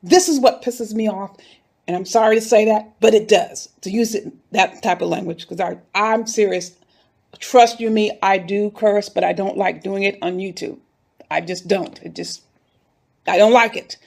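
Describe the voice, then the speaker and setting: A woman's voice: medium pitch, normal speed, creaky. A woman giving a heated, indignant commentary, talking straight to her viewers. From North Philadelphia. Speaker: YouTube commentator. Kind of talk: casual commentary video.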